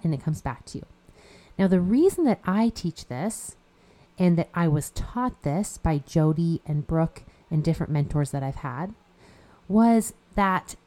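A woman's voice: lowish voice, mellow. A woman hosting a podcast as a life coach, talking casually with a stuffy nose, chatty and encouraging. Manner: chatty and encouraging, with frequent "you know" fillers.

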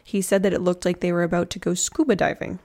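A woman's voice: lowish voice, flat delivery, fast, creaky, mellow. A woman telling a true crime story in a casual, chatty way, with slangy joking asides.

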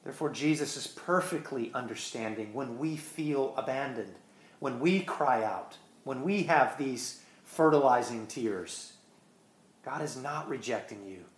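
A man preaching a sermon with earnest emphasis, swinging between quick bursts and slow, stressed words. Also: medium pitch, animated, roomy sound. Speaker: pastor.

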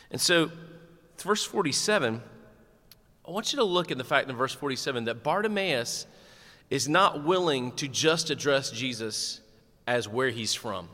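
Male pastor, animated conversational sermon, bright tone, echoing sanctuary. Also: fairly high pitch. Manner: animated, conversational preaching with humor.

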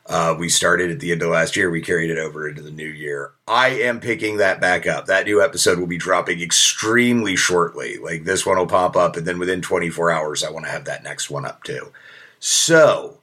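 A man with a very deep voice hosts his own podcast in loose, casual talk. He comes across as earnest and rambling, and he often pokes fun at himself. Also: a little fast, bright, forceful tone. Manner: earnest, rambling, self-deprecating. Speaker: podcast host.

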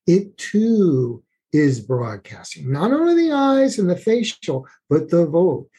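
A man's voice: high voice, dark tone, husky. A man speaking as a relationship expert, explaining in an earnest, conversational way with frequent restarts.

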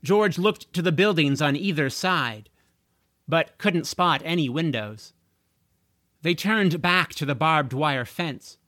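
Slow, bright-voiced male audiobook narrator. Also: a little high, no room sound, clean studio sound. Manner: slow, expressive storytelling.

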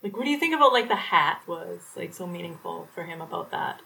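A woman interviewing a guest, asking casual, gentle questions with filler words. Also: lowish voice, lively intonation, fairly quick, vocal fry, poor audio.

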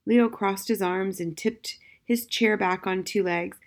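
A woman narrating an audiobook chapter in a calm, measured storytelling voice. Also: medium pitch. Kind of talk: scripted narration.

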